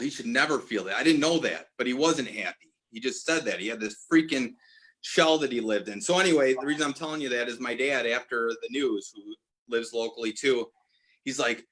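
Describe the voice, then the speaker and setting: Forties guy telling a heartfelt story, bright forceful voice, keeps restarting sentences. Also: medium pitch. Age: 40s. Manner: earnest, tumbling restarts and self-corrections. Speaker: guest, apparel brand owner. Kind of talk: emotional personal storytelling.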